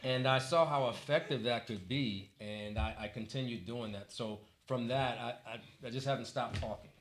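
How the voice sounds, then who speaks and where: A man's voice: mid-range voice, normal speed. A man from Washington, D.C., a Toastmasters club president, giving a motivational speech in a church hall with humorous stories and a preacher-like close. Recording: echoey hall with faint noise.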